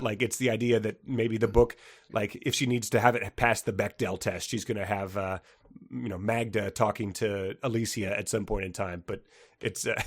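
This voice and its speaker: A man co-hosting a comedy book podcast, chatting casually, laughing often and reading passages aloud with mock drama. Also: lowish voice. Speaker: podcast co-host.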